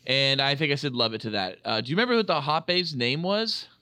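A man's voice: on the high side, very animated, brisk, sharp tone, smooth, no echo. A man co-hosting a casual podcast, joking around and stumbling over restarts as he leads the segment. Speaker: podcast co-host. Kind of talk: casual chat.

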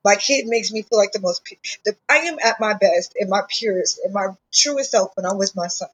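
Husky-voiced woman in heartfelt chat. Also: medium pitch, fairly quick, poor audio. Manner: heartfelt and open, talking at length about her son. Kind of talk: casual chat.

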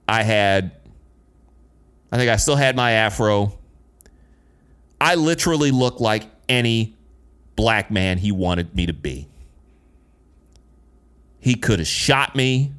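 Earnest, low-voiced man telling his story. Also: a bit bright. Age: late 30s. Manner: earnest and emphatic, with pointed repetition. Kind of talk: personal storytelling monologue.

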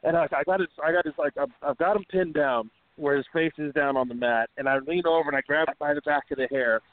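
A man's voice: on the high side, quick pace, no echo. A man hosting a wrestling radio show, telling a long profane backstage story in a loose, rambling way full of fillers. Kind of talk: casual storytelling. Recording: tinny phone-line sound with faint hiss.

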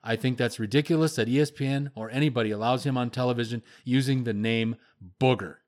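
An older man hosting sports talk, giving a blunt, opinionated rant that gets louder as he heats up. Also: medium pitch, fairly even intonation, fast talker. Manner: blunt, ranting critique, voice rising when heated. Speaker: sports radio host.

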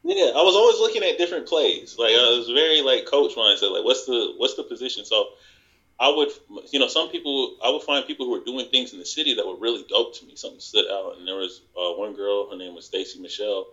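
Animated man telling stories, lo-fi audio. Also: fast talker. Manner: animated, acts out quoted people in higher voices. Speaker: podcast guest. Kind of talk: casual storytelling chat.

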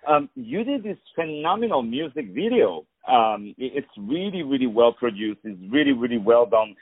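A man's voice: mid-range voice, sing-song, normal speed, husky, no room sound, phone-quality sound. A man hosting a radio show who interviews a guest over the phone, effusive and heaping on praise with repeated words. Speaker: radio host.

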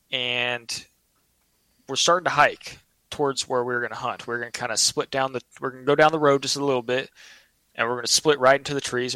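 A man's voice: mid-range voice, bright, forceful tone, no echo, rough recording. A man telling a personal story in a casual, earnest, rambling way, often restarting his sentences.

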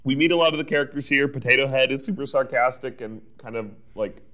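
A man's voice: mid-range voice, steady tone, bright, forceful tone. A man co-hosting a podcast, recapping in casual chat with frequent laughs and fillers. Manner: chatty recapping, quick laughs, many fillers.

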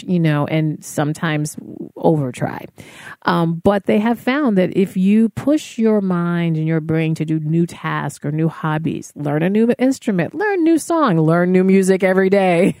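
A woman's voice: fairly low pitch, warm tone, no echo, studio quality. A woman speaking casually to fellow artists, giving encouraging wellness advice with frequent fillers. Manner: conversational, encouraging, many fillers.

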